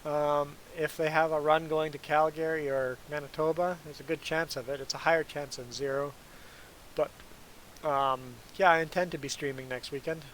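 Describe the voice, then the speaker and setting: Chatty man streaming, slightly high voice. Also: fairly bright tone, slight background noise, rough recording. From Canada. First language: German. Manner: chatty, rambling, laughs often. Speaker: trucker streamer answering chat. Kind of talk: casual livestream Q&A.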